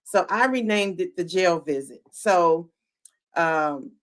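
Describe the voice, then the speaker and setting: This podcast host speaks slowly in a lowish voice while energetically retelling scenes from a show live. Animated, she performs the quotes and keeps turning to her chat with questions.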